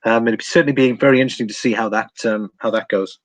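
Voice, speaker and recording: A man's voice: mid-range voice, fairly even intonation, rapid-fire, poor audio. A man from England hosting a precious metals livestream, chatting casually with many ums and reading out viewer comments. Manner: rambling, many ums, chuckles often.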